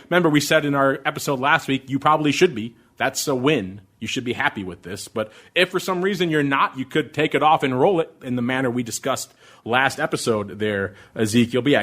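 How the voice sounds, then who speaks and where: A middle-aged man hosting a podcast, answering listener questions about options trading in an excitable, ramped-up way. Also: mid-range voice. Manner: excitable, fast, ramped-up delivery. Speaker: podcast host.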